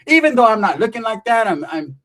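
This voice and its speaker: A middle-aged man spins a profane comic story full of slang and swagger. His voice sits a little higher than most men's. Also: big pitch swings, fast, fairly bright tone. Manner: swaggering, slangy, swears constantly. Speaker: stand-up comedian.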